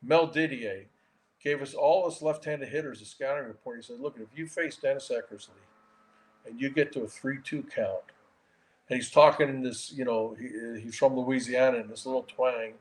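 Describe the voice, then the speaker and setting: A man in his sixties, a former baseball player and manager, telling stories in a casual interview with an animated delivery and frequent restarts. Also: mid-range voice, moderate pace, low-quality recording.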